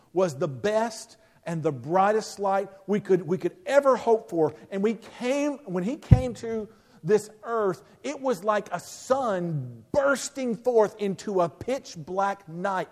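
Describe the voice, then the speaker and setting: High-voiced guy preaching a sermon, storytelling, long echo of a big church hall. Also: expressive, unhurried. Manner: storytelling, emphatic with soft drops. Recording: long reverb of a large hall.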